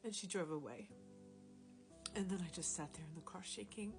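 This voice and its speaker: A woman telling a personal faith story in a casual, rambling, self-deprecating way, dropping into quiet whispers at times, recorded on a phone. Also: on the low side, moderate pace. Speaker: Christian storyteller sharing a testimony. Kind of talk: casual spoken testimony. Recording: music playing clearly behind the voice.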